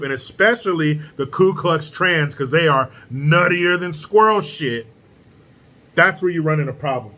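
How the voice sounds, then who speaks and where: Blunt, profane male commentator with a forceful voice. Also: a little high. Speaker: political commentary host. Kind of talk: casual opinion commentary.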